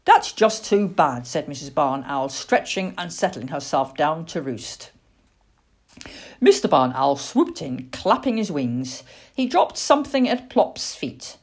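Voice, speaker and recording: A woman reading a children's storybook aloud, expressive, with little asides. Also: sits low, measured pace, husky. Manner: expressive and warm-paced, with asides.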